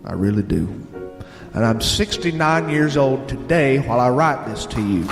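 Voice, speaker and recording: A man with a Southern American accent, a radio host reading listener letters aloud in an unhurried storytelling way. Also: medium pitch, animated, vocal fry. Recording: roomy sound with long reverb and bluegrass music behind.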